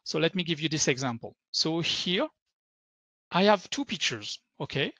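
A man's voice: fairly high pitch, animated, normal speed, bright, forceful tone, dry recording. A man with a French accent giving an upbeat conference tech talk as a workshop presenter, often saying "super" and "so".

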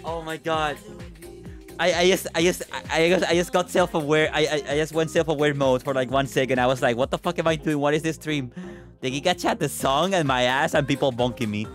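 Excitable rambling male streamer. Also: on the high side, fairly quick, faint music behind. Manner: excitable, rambling, stammers and swears. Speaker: livestreamer. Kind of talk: casual livestream chatter.

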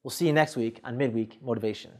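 A man with a mid-range voice talks fast in a motivational sales training session, coaching the listener directly and acting out sales scenes with quoted dialogue.

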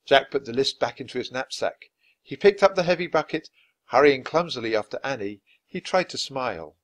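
Expressive man reading a children's book. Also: medium pitch, fairly quick. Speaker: storyteller. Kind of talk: children's book read aloud for language learners.

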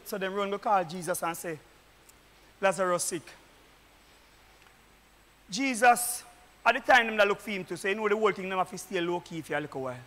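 A man with a Jamaican accent, a deacon preaching fervently at a church meeting, often shouting. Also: sits high. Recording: echoey church hall.

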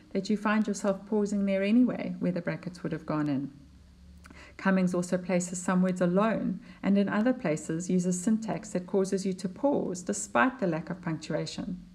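Woman, lowish voice, teacher talking through a poem over slides, patient and explanatory. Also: darkish tone. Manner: explanatory, unhurried, with fillers and restarts. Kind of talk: poetry lesson over slides.

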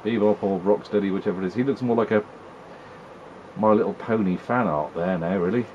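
A man's voice: on the low side, brisk, muffled recording, a little hiss or hum. A man giving wry, chatty commentary while playing an old video game, teasing the characters on screen. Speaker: retro gaming video host. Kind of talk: casual gameplay commentary.

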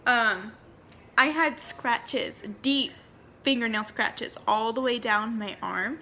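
A woman's voice: a little high, slow, sharp tone, a little hiss or hum. A young woman chatting through a paranormal storytime vlog, rambling and full of fillers. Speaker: vlogger.

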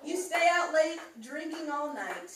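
Woman, high voice, slow teasing roast poem, roomy distant club sound. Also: big pitch swings, background noise. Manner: crude, teasing, laughing between rhymed lines. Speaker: comedian reading a roast poem. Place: comedy club.

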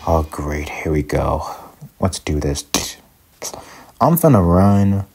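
A young man giving casual, excitable commentary while playing a block-building game, often panicking and talking to his viewers. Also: low-pitched, takes it slowly, faint music behind. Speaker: gaming YouTuber. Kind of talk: casual Minecraft let's play commentary.

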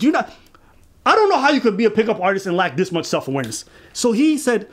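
A man co-hosting a commentary show, talking casually in a mocking, animated and profane way. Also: high-pitched, fast. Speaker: commentary channel co-host.

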